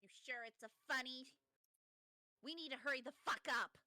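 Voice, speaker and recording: Bright-voiced woman swearing as she plays. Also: high-pitched, dry recording. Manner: blunt and profane, quick to swear. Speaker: player. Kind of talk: casual tabletop roleplay.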